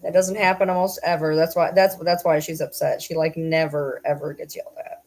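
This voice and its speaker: A woman's voice: sits low, flat delivery, a little fast, a little mellow, low-quality recording. A young woman vlogger chatting casually on a livestream, talking to viewers and baby-talking to her dogs.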